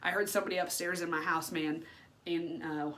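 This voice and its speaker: A woman in her thirties talks candidly to camera in a personal vlog. Her voice sits on the lower side and the talk is loose and unfiltered, full of swearing and fillers. A faint hiss runs underneath. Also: fairly even intonation, a little fast, fairly bright tone. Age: 30s. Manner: frank and unfiltered, swears freely, many fillers. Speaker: vlogger.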